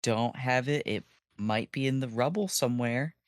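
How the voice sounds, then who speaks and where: A man's voice: medium pitch, normal speed, no echo. A man player in a tabletop role-playing game, talking in a casual, upbeat way.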